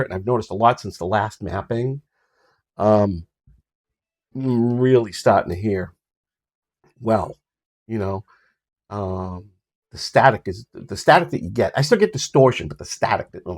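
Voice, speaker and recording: An older man with a Boston accent talks through a casual video update in a rambling, relaxed way. His voice sits a bit low, and he fills pauses with ums and laughs easily. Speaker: vlogger. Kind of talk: casual health update vlog.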